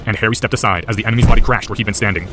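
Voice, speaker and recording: A man reads a story aloud at a very fast clip, intense and driven. His voice sits on the low side. Soft music plays under the narration. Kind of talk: audiobook narration of fan fiction.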